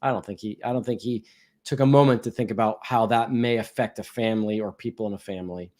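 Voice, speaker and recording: A man, a guest in a casual chat, talking in a measured, explanatory and sympathetic way. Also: lowish voice, fairly even intonation, a little mellow.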